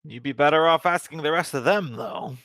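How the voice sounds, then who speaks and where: A man's voice: on the high side, fairly quick, fairly bright tone, dry recording. A man playing a tabletop game, dry and joking. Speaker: player. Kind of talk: casual tabletop play.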